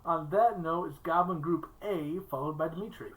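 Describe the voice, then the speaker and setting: A woman's voice: sits low, moderate pace, poor audio. A woman narrating as game master of a tabletop game, laughing often and talking loosely with fillers.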